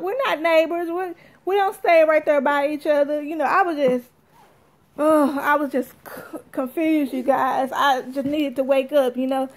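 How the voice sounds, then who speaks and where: A vlogger with a voice that sits high for a woman tells her viewers a story, animated and chatty, addressing them as y'all.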